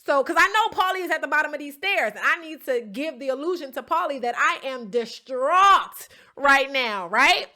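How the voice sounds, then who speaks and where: Emphatic woman, bright voice, recapping. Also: high-pitched, animated, moderate pace. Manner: emphatic, keeps checking in with "okay?" and "right?"; swears casually, storytelling tone. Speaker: reality show contestant recapping an episode. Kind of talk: casual recap to camera.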